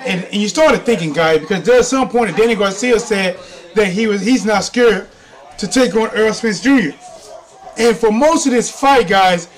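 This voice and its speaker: A man with a very high-pitched voice hosts a sports recap, reacting loudly and repeating every point back to his viewers. His delivery is excitable and informal. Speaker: sports commentary host. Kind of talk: live reaction and recap commentary.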